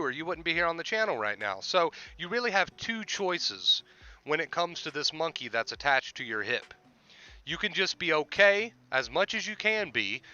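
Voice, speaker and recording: A man's voice: a little high, sharp tone, clear, resonant tone, dull audio. A man hosting a livestream, explaining with repetition and emphasis in casual talk. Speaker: livestream host and life coach.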